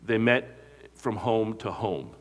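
A man's voice: fairly low pitch, animated, slow. A male pastor preaching a sermon, telling stories and asking the congregation questions that it answers. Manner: asks the congregation questions and lets them fill in the answer; storytelling, retelling movie scenes.

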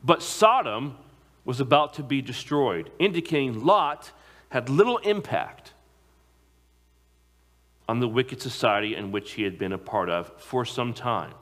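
A man preaching a sermon to a congregation, emphatic, slowing down to stress key phrases. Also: mid-range voice, sing-song, fairly bright tone. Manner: emphatic, slows down on key phrases, occasional repeated words.

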